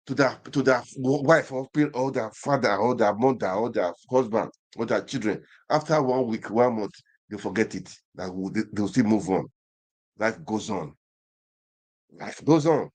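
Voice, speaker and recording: A man's voice: mid-range voice, moderate pace. A man with a Nigerian accent hosting an online show, delivering an impassioned commentary monologue full of repeated phrases and rhetorical questions.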